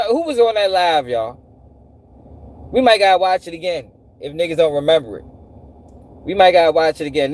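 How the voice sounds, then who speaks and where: A man hosting a live stream, animated and profane, repeating himself and firing off rhetorical questions. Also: sits high. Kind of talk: casual commentary to a live audience.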